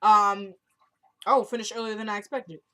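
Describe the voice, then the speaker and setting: A woman talks straight to her audience in a relaxed, casual recap of a TV episode. She retells the scenes line by line, stringing them together with "she goes" and "he's like." Her speech is informal and full of slang. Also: mid-range voice, normal speed. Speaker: TV show recap vlogger.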